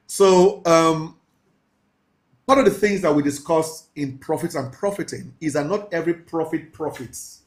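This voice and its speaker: A man teaching a mentorship class, talking in a preachy, emphatic way, slowing down to stress key phrases and laughing with his students. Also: a little high. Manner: laughs often, casual asides to the class. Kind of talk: live class lecture.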